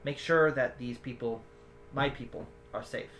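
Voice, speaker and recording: A woman's voice: extremely low pitch, normal speed, soft background music, voice pushed down. A woman voicing a tall, proud guardian wrapped in an owl-feather cloak, with a theatrical, mixed-up put-on accent. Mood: earnest.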